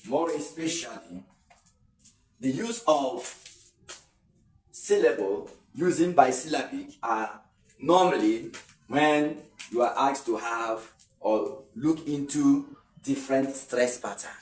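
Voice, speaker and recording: A man's voice: mid-range voice, far from the mic. A man teaching an exam-prep English lesson, saying words over with shifted stress and giving example sentences. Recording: echoey room, voice away from the mic.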